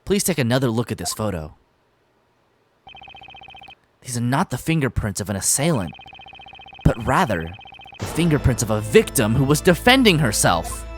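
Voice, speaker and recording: A woman streaming a game, reading the dialogue aloud with drama and bursting into excited shrieks. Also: extremely low pitch, moderate pace, pauses often, soft background music. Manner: reads lines dramatically, breaks into loud excited shrieks and laughter. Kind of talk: live-stream game playthrough with voiced lines.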